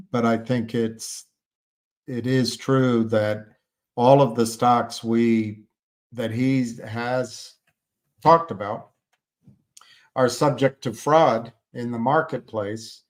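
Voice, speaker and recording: A man hosting a stock-market livestream, reading viewer comments, rambling and hesitant but emphatic and indignant. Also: medium pitch. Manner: rambling, hesitant, with many fillers and restarts; emphatic and indignant about short sellers.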